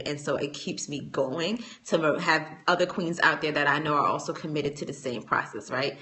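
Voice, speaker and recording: A woman's voice: low voice, brisk, hardly any pauses, pushed and bright. A woman talking casually to viewers on a phone livestream, playful and teasing, laughing often and using y'all and ain't. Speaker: speaker and trainer hosting a livestream.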